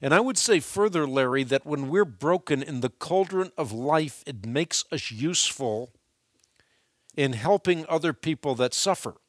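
A man hosting a call-in radio show, teaching in an earnest, measured, devotional way. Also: fairly high pitch, lively intonation, no room sound, studio quality.

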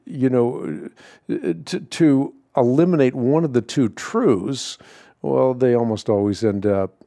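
Mellow-voiced man hosting a radio call-in. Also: mid-range voice, creaky, no echo, studio quality. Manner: measured, thoughtful, repeats words when starting. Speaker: radio Bible-answer host. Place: radio studio.

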